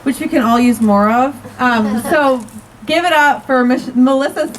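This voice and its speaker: A woman's voice: high voice, normal speed, far from the mic, a little hiss or hum, low-quality recording. A woman emceeing a backyard comedy show, chatty and upbeat as she introduces the next comic. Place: outdoor backyard stage.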